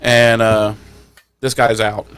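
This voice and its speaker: A man's voice: on the low side, level tone, slow, a bit bright, smooth. A man co-hosting a podcast, recapping an episode in casual, profane, joking chat and acting out lines in silly voices. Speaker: podcast co-host.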